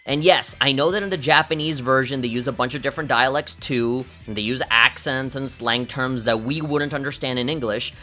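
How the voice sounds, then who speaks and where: A man's voice: medium pitch, a little fast, few pauses, sharp tone, faint music behind. A man in his thirties giving a scripted, opinionated and sardonic review of video games. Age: 30s. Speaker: game reviewer.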